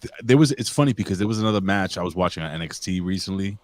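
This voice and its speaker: A man with a low, deep-set voice rambles through his wrestling opinions, swearing and calling everyone bro and man. The sound is dry and close, with no room around it. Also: expressive, racing, dry recording. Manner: rambling, profane, buddy-style talk with restarts. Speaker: podcast co-host. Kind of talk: casual wrestling review chat.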